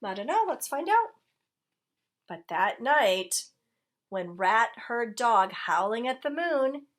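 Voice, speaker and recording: A woman reading a picture book aloud to children, gently pausing to ask her listeners questions. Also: mid-range voice.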